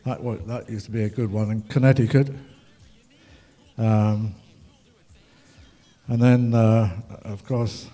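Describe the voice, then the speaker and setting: A man's voice: lowish voice, flat delivery, slow pace, long pauses, warm tone. An older man telling rambling, humorous stories to an audience, with many fillers. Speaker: ragtime musician speaking at a festival. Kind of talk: anecdotal talk to an audience.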